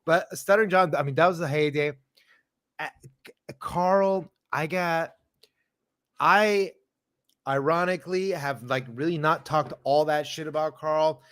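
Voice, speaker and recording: A male comedian guesting on a podcast, with a voice pitched a little high for a man. He talks in an animated, slangy way and mocks the things that bother him. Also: a little slow, pauses often. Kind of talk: casual podcast chat.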